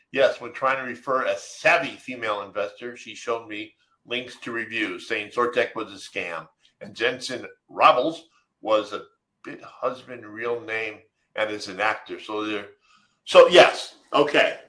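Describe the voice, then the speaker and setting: A man's voice: mid-range voice, a little slow, sharp tone, roomy sound, low-quality recording. A man co-hosting a live webinar, answering viewer questions from the chat in an emphatic, direct way. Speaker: webinar co-host.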